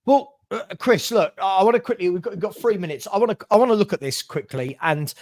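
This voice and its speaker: A man's voice: sits high, quick pace, darkish tone. A man hosting a fan channel, ranting passionately about his football club in heated chat and stumbling over repeated words. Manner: passionate ranting, repeats himself, laughs often.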